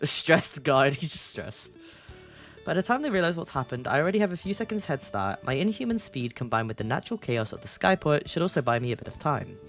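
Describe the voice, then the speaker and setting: Chatty, giggly streamer with a mid pitch and lively swings, faint music behind. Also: fairly quick. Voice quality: giggly, chatty, laughs often. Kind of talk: reading a text game aloud and chatting.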